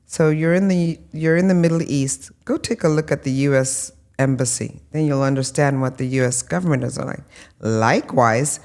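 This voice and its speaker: A woman, a guest in an interview, telling lively stories with many ums and restarts and acting out what people said. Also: deep voice, normal speed. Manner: animated storyteller, acts out quoted voices. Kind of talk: conversational interview.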